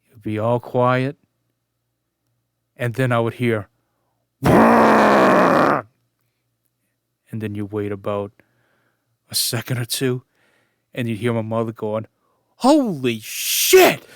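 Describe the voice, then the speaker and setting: Smooth-voiced man in his forties. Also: mid-range voice, little pitch movement, unhurried, long pauses, no room sound, clean studio sound. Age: 40s. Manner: chuckling, keeps fighting back laughter. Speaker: vlogger. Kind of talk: casual storytelling monologue.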